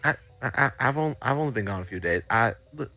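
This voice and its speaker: A man's voice: mid-range voice, lively intonation, fast talker, pushed and bright, soft background music. A man doing a stammering flustered husband. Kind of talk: improvised tabletop role-play.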